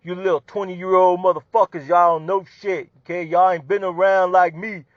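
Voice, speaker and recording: A man doing a smug, condescending middle-aged supervisor who talks down to the young guys, pitched a little high and scornful. The sound is dull and lo-fi, with a dry, close feel. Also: level tone, moderate pace, no room sound, natural voice. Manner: scornful, lecturing. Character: smug forty-year-old male supervisor, condescending.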